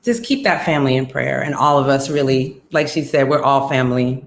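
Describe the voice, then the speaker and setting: A woman hosting a casual online talk show, chatty and lively, with many fillers and laughs. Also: low voice, measured pace, few pauses, reverberant, a little hiss or hum. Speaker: host.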